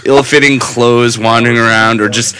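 Wisecracking man with bright voice. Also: medium pitch, fairly even intonation, normal speed. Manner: wisecracking, crude jokes. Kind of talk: casual chat.

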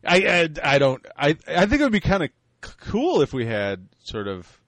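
Man, podcast host, joking, lively pitch, dry recording. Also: normal speed, no echo. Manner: joking, animated. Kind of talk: casual podcast chat.

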